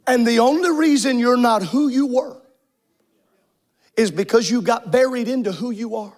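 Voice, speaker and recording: Brief: male preacher in church, striking very high pitch, impassioned sermon that swells into shouts and sung phrases. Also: moderate pace. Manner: emphatic, shouting, half-singing cadence. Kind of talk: fervent sermon.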